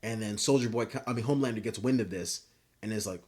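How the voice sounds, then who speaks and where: Husky man ranting in frustration. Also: lowish voice, fast talker, a little mellow. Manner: frustrated, profane, stammering restarts. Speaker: TV show critic. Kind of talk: ranting video commentary.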